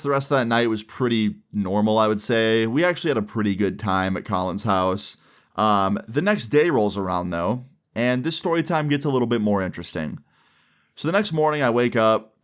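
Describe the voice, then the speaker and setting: A young man with a somewhat low voice tells a story from his own life. His delivery is relaxed and chatty, peppered with "like," and he slips into the back-and-forth of the people he is quoting. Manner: laid-back storytelling full of "like" fillers, acting out quoted dialogue. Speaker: storytime vlogger. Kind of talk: casual storytime narration.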